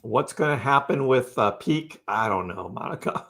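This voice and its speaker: Male live stream host with a mid-range voice, relaxed and chatty, answers chat comments as they come in, laughs easily. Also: mid-range voice, moderate pace, creaky. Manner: chatty and laid-back, laughs often, talks to chat by name.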